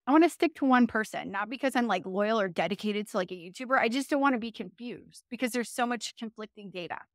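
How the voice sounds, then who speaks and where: A woman's voice: on the high side, expressive, fast, no room sound, studio quality. A woman speaking as an interview guest, telling her story in a casual, chatty way, full of fillers and self-corrections and often laughing.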